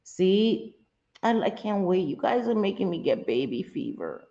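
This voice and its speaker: A middle-aged woman hosts a relaxed live chat, chatting freely, restarting her thoughts and laughing often. Her voice sits in an ordinary middle register. The stream audio is slightly dull and lo-fi. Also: medium pitch, unhurried. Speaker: livestream host.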